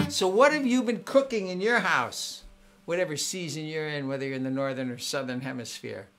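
Excitable man chatting on a family show. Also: on the high side. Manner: excitable, chatty, warm with kids. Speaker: family concert singer and host. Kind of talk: live-streamed family show, chatting with viewers. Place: home in Southern California.

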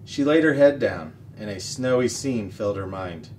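A man reading a children's novel aloud as the show's regular reader, steady and expressive. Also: on the low side, normal speed. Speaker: story reader. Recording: distant mic, faint noise.

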